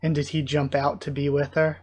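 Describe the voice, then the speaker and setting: A man's voice: fairly high pitch, level tone, brisk, a little mellow. A young man hosting a casual manga readthrough, describing the panels and reacting emotionally. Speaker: channel host reading a manga aloud.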